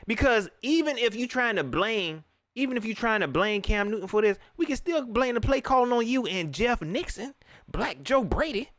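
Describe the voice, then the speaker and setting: A man's voice: extremely high pitch, very animated, normal speed, a bit bright, dry recording. A young man hosting a live postgame stream. He vents in heated, slangy talk, repeating himself and mocking the quotes he reacts to. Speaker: livestream host.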